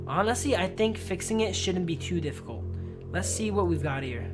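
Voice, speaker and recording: A man's voice: high voice, lively intonation, moderate pace. Casting: easygoing male streamer, chatty asides, game music going behind. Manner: loose, rambling, casual asides to viewers. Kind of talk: live game stream commentary and reading aloud.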